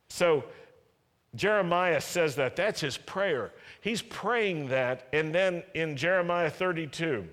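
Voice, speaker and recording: A man's voice: on the high side, fairly bright tone, in a large hall. A man preaching a sermon as a pastor, earnest, repeating phrases for emphasis and acting out prayers.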